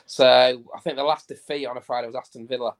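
A man reciting football statistics on a fan podcast, pausing often with fillers. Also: medium pitch. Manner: steady recital of stats with many uh fillers. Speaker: stats guest on fan podcast. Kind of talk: casual podcast chat.

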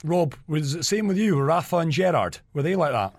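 A man's voice: on the high side, lively intonation, brisk, no room sound, clean studio sound. Inquisitive podcast co-host, man. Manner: inquisitive, leads the questions. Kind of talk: interview questions.

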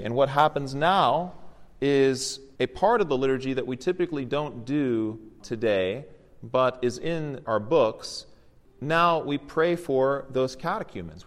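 Orthodox priest teaching in a reverberant church. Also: male voice, medium pitch. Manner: explanatory, gently encouraging. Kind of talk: teaching sermon during liturgy.

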